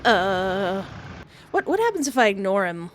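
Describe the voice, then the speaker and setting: A woman's voice: mid-range voice, big pitch swings, a little slow, a little hiss or hum. A woman playing a visual novel, reading it out and making playful, joking asides. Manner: playful, joking asides between read-out lines. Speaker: gamer.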